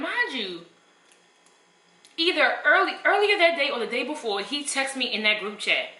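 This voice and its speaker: Animated young woman telling a story. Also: a little high, normal speed, reverberant, poor audio. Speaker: vlogger. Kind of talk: casual storytime while eating.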